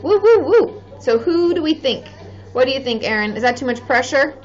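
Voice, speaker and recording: A woman's voice: high-pitched, animated, a little fast. A woman in her thirties, a therapist hosting a casual live stream, chatting with viewers in a bubbly way and cheering often. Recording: slightly dull sound with faint music behind.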